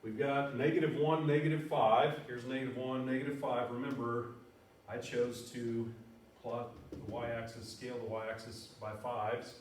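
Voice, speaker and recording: A man's voice: mid-range voice, little pitch movement, normal speed, slight background noise. A man teaching a math lesson in a casual way, thinking aloud and counting off numbers as he plots points. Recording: very echoey room, voice from far off, faint music.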